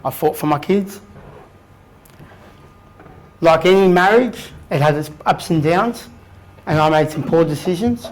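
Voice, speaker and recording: With frequent pauses and a slightly slow delivery, an Australian guest speaker in his thirties shares his story frankly with a live audience, swearing as he goes. His voice is a little high, and the recording is rough.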